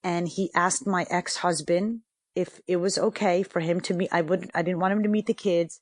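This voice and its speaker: A woman's voice: on the low side, moderate pace, no echo, studio quality. A middle-aged woman, a podcast guest, telling a personal story in casual conversation and acting out the lines of the people in it. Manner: animated storyteller who acts out quoted dialogue.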